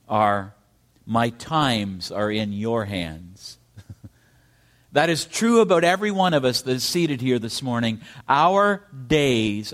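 Slow, dramatic male preacher. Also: fairly bright tone. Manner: preaching with dramatic pitch swings and emphatic questions. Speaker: pastor. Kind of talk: sermon. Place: church.

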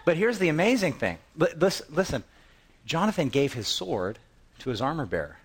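A man preaching a sermon with lively, conversational storytelling. He jumps into the voices of the people in the passage and then drops back into plain talk, often restarting a phrase and repeating words. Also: mid-range voice, brisk. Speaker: pastor.

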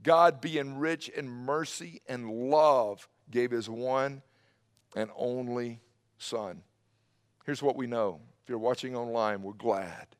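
A man preaching an Easter sermon to a church, swinging between loud emphatic bursts and hushed low passages. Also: slow. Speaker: pastor. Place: church service streamed online.

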